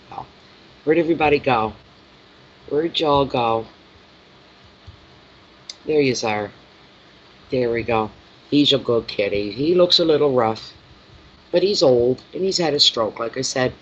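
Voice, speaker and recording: A man with a fairly bright, mid-range voice reads tarot on a live stream. He rambles in a casual way and lavishes baby talk on his cat. Dull, lo-fi audio carries a faint layer of noise.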